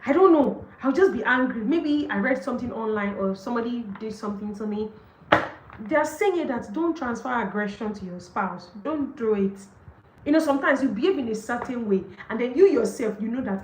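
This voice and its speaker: A woman's voice: on the high side, lively intonation, a little fast, reverberant, a little hiss or hum, poor audio. A young adult woman with a Nigerian accent, hosting a book session and commenting emphatically on what she reads, often laughing and acting out quoted excuses. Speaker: book discussion host. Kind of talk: live session reading and commenting on a marriage book.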